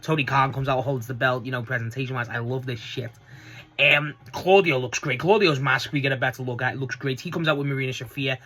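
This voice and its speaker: A man giving a casual, rambling solo review, excitable and swearing freely. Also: mid-range voice, a little fast. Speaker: wrestling show reviewer.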